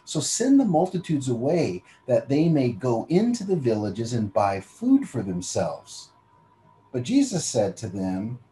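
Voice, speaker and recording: Mellow-voiced man teaching the Bible. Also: mid-range voice, a little hiss or hum, rough recording. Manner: reads scripture slowly, then explains in plain conversational talk; invites listeners to picture themselves in the story. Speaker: preacher.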